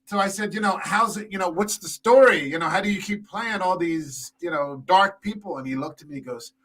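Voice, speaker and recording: A man on a casual podcast, telling a long, profane anecdote in an animated way with lots of fillers. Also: high-pitched, a little fast, rough recording. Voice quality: tall man, six foot five. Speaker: podcast co-host. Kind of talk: casual storytelling chat.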